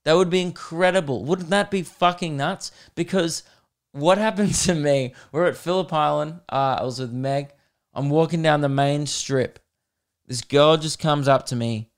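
A young man, hosting a podcast and telling a comedic story in an animated, swearing way, laughing at his own jokes. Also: a little high, normal speed, smooth. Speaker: podcast host.

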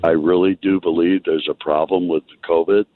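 Male radio caller, very low voice, halting, dry phone-line sound. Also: fairly even intonation, no echo. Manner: halting, thinking aloud. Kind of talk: call-in opinion.

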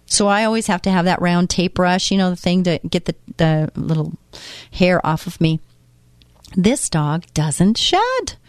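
A woman's voice: lowish voice, no room sound. A woman in her fifties hosting a faith talk show, asking the listener question after question and chatting about her own life. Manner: asks the listener many questions; chatty, tells personal stories. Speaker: radio show host. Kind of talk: casual faith talk monologue.

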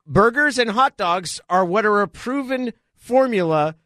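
A middle-aged man co-hosting a sports radio show, talking through football strategy in a measured, analytical way. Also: sits high, animated, fairly bright tone, dry recording, clean studio sound. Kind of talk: casual sports talk.

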